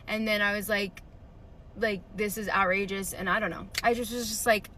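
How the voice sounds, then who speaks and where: A woman's voice: mid-range voice, steady tone, moderate pace, pushed and bright, a little hiss or hum. A woman ranting about an argument in a casual, indignant way, full of "like" and restarts. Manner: indignant, rambling, lots of "like". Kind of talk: casual storytime rant.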